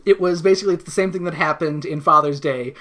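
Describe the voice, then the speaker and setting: A woman's voice: low-pitched, fast talker, fairly bright tone. A woman co-hosting a podcast, recapping a cartoon episode in a dry, sarcastic way and swearing freely. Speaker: podcast co-host. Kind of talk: casual chat recapping a cartoon.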